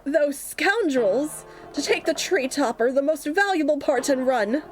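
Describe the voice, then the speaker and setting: Woman reading haughty aristocratic young male pigeon, pompous, indignant, game character, high voice, unhurried. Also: expressive, faint music behind.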